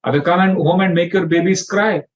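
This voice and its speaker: A man's voice: high-pitched, fairly even intonation, brisk, natural voice. A man voicing a mischievous divine boy who teases and mock-threatens the villagers. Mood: teasing. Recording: dull lo-fi sound.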